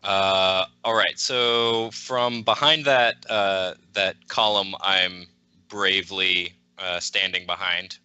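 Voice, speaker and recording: Tabletop player: man, slow and halting, bright smooth voice, dry lo-fi sound. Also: sits low, fairly even intonation, dry recording. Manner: hesitant, many fillers. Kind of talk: tabletop game play. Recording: dry lo-fi audio.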